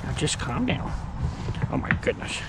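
A man with a medium-pitched, gravelly voice vlogs while catching groundhogs outdoors in a yard and woods. Very animated and at a moderate pace, he exclaims constantly and coaxes the animals in casual narration, with outdoor noise behind him.

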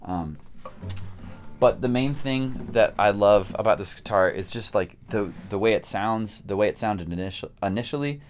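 A man talking casually to camera about his new guitar, slangy and jokey, jumping between excited bursts and low mumbles. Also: moderate pace. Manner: slangy and jokey, with big swings up and down in pitch. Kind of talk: casual vlog chat.

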